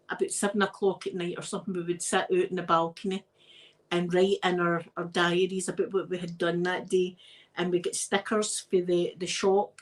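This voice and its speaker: A Scottish woman, host of her own channel, telling personal stories in a chatty, animated way and laughing often. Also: mid-range voice, low-quality recording. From Scotland. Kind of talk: casual storytelling chat.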